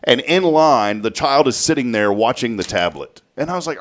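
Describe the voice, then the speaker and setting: A man, hosting a casual studio talk show and telling a story with lively flair. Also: mid-range voice, moderate pace. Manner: animated storytelling, acts out a child's voice. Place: local TV studio.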